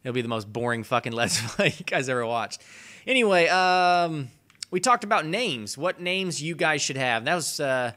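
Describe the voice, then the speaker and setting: A hoarse young man rambles through his gameplay commentary, swearing freely and laughing at himself. His pitch jumps around a lot, and his tone stays bright and forceful even with the cold. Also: normal speed. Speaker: let's play host.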